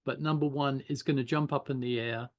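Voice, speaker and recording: This older man runs a casual online animation class, talking loosely while he sketches and works through his thoughts out loud. His medium-pitched voice is steady and fairly quick.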